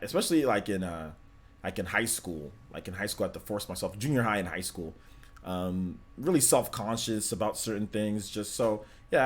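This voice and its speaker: Laid-back young man hosting a livestream. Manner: relaxed, rambling, many ums and likes; lifts voice when animated, drops to flat low tone otherwise. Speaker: livestream host. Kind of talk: casual livestream Q&A reading chat.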